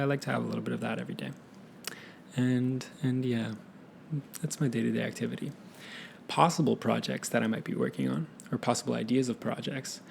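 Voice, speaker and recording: A man's voice: medium pitch, gravelly, darkish tone, slight background noise. A young man hosting a casual solo podcast, rambling and correcting himself as he thinks aloud. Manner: rambling, self-correcting, laid-back. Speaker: podcast host.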